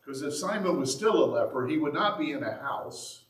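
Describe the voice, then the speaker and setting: A man's voice: on the high side, lively intonation, moderate pace, recorded from a distance. A man preaching a sermon, telling the story in a conversational way and acting out the quotes. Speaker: pastor. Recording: echoey room, speaker away from the mic.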